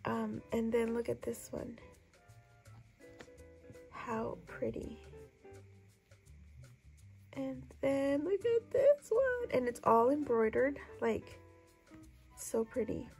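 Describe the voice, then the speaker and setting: A woman with a hoarse voice from a lingering cough, gushing chattily over her thrift haul in a casual vlog. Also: a little high, a little mellow, rough recording. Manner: gushing, chatty, lots of "so pretty".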